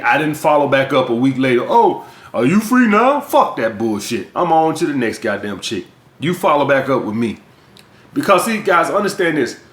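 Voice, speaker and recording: A man's voice: a little high, fairly bright tone. A man from the US South with a Southern accent, giving blunt, profane dating and sales advice as a coach in a vlog monologue. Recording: echoey room.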